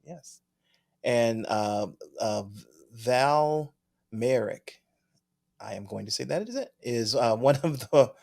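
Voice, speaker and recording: A man co-hosting a podcast, reading listener mail in a chatty way, laughing often and trailing off mid-sentence. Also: medium pitch. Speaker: podcast co-host. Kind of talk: casual chat.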